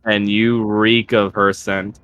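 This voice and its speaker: A man's voice: lowish voice, flat delivery, slow, a bit bright, lo-fi sound. A man running a tabletop game as game master, narrating casually with chuckles.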